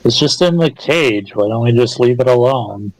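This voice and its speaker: A man's voice: mid-range voice, expressive, normal speed, dry recording. A man playing in a tabletop game, objecting bluntly and dryly. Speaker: player.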